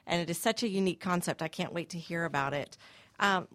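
A woman's voice: lowish voice, quick pace, a bit bright, dry recording. A woman hosting a radio talk segment, friendly and upbeat as she introduces and questions a guest. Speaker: radio show host. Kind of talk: radio interview chat. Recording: dry studio mic.

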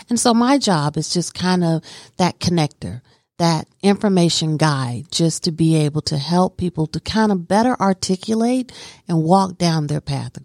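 A woman's voice: sits low, a little mellow, no room sound, studio quality. A woman telling her life story in an interview, earnest and emphatic. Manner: earnest and emphatic, talks with conviction. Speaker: guest.

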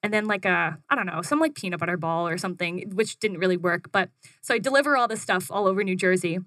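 A young woman telling a casual story in an interview, animated and chatty, jumping up in pitch when she quotes herself. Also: quick pace, no room sound. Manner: animated, acts out her own quotes in a higher voice, frequent "like". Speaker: guest, food business founder.

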